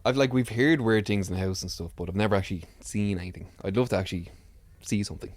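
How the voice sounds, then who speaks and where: A man's voice: lowish voice, fast, no echo. A man co-hosting a podcast, chatting casually with many fillers and reading out a listener's letter. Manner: chatty, lots of fillers and laughs. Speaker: podcast co-host.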